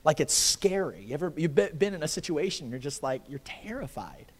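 A man preaching a sermon, swinging from hushed, intimate lines to impassioned near-shouting. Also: on the high side, big pitch swings, brisk, husky. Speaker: pastor. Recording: long reverb of a large hall.

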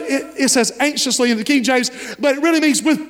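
A man's voice: very high voice, steady tone, brisk, hardly any pauses, a bit bright, in a large hall. A man in his thirties, a pastor preaching a sermon in a folksy storytelling manner and often checking in with his listeners. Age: 30s.

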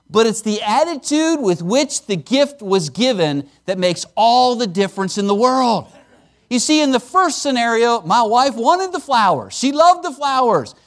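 A male preacher with a notably high voice delivers a sermon in an animated, conversational way. His pitch swings widely as he stresses key words, then drops into playful asides to the congregation. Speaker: guest preacher at a missions conference. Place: church service.

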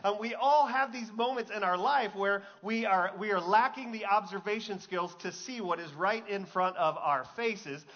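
Bright, high-voiced male pastor. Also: normal speed, hardly any pauses, highs cut off. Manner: conversational, jokey, asks the crowd questions. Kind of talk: sermon.

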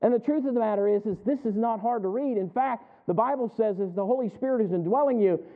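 A pastor with a high voice preaches a sermon in church at a quick pace, keeping things folksy and joking. He often quizzes the congregation with questions. The recording sounds tinny, like a phone.

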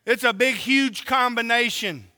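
Preacher, male, from Oklahoma; very high, bright delivery in a reverberant hall. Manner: emphatic, drawn-out preaching with rhetorical questions. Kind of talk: sermon.

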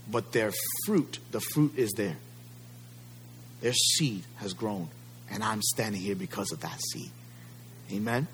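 A man's voice: mid-range voice, breathy edge. A male pastor preaching a sermon, emphatic and fond of rhetorical questions to the congregation.

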